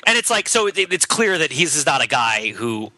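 A man's voice: fairly high pitch, very animated, normal speed, sharp tone, no echo, rough recording. A man co-hosting a casual literature podcast on a headset, rambling and restarting, laughing often as he talks. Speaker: podcast co-host.

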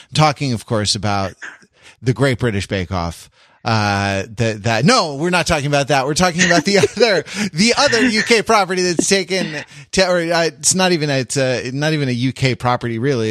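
A man's voice: medium pitch, a bit bright, dry recording, clean studio sound. A man hosting a podcast in casual chat, rambling and joking, with many fillers and restarts. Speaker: podcast host.

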